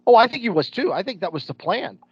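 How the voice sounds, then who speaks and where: A man's voice: high-pitched, very animated, fast talker, slightly rough, no echo. A man with a Midwestern American accent, co-hosting a podcast in casual, opinionated chat. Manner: blunt, opinionated, uses slang like ain't. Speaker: podcast co-host. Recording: dull lo-fi podcast audio.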